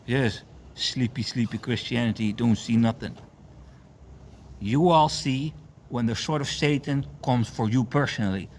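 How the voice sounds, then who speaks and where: A man's voice: mid-range voice, unhurried, slight background noise. A man delivering a profane, repetitive preaching rant, declaiming warnings and repeating phrases for effect. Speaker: self-styled preacher.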